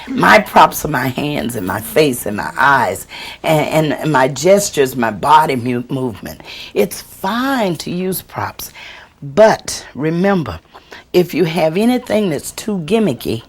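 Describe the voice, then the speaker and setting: A woman storyteller teaching a workshop and answering audience questions, expressive and deliberate, acting out the voices she quotes. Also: low-pitched, breathy edge. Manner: slow, deliberate delivery with chuckles.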